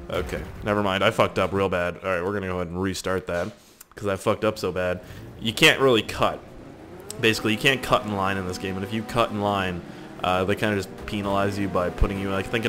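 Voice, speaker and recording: Young man, gaming commentary, casual, profane, rambling, faint background music. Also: on the low side. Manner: rambling, profane, jokey, talks to viewers. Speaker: gaming YouTuber.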